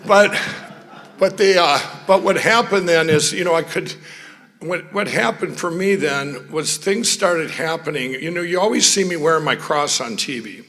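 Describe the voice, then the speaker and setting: A man's voice: a little high, moderate pace, a bit bright. A man from Minnesota, telling rambling stories in a speech, often sidetracked and laughing. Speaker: guest speaker. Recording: long hall reverb.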